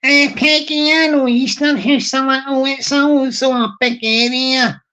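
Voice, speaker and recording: A woman reading a viewer's chat message aloud in a put-on Glaswegian accent, slowly and solemnly. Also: high-pitched, fairly even intonation, fairly bright tone. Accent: put-on Glaswegian Scottish. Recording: dull lo-fi stream audio.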